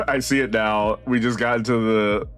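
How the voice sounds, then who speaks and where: A man's voice: on the low side, fairly even intonation, moderate pace, a bit bright, faint music behind. A tired man giving casual, rambling commentary while he streams a game, laughing often and swearing.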